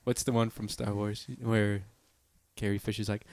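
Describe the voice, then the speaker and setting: A man's voice: lowish voice, level tone, moderate pace, darkish tone, slight background noise. A male podcast co-host in casual, playful banter, swearing and laughing along.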